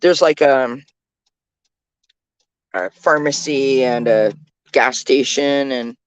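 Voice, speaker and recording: A woman's voice: extremely low pitch, takes it slowly, long pauses, clean tone, dry recording, poor audio. A woman chatting casually from the passenger seat of a moving car, keeping up a running commentary full of fillers. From Canada. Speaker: vlogger, tarot reader. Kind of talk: casual chat while riding in a car.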